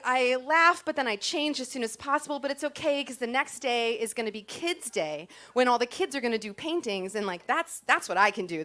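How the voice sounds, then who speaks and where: A woman's voice: medium pitch, fairly bright tone. A woman performing a comic personal story in a chatty, self-deprecating way, timing her punchlines.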